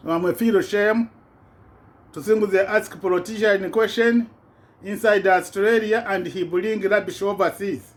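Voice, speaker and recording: A man's voice: sits high, fairly even intonation, measured pace. A man giving an impassioned political rant in broken, non-native English, repeating himself with indignation. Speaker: vlogger.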